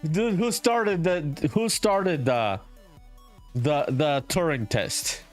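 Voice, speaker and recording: A man's voice: a little high, lively intonation, drawn-out words, faint music behind. A man live-streaming his game development, chatting casually with viewers, reading their messages aloud, laughing often, swearing and saying "dude" a lot. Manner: reads chat messages aloud.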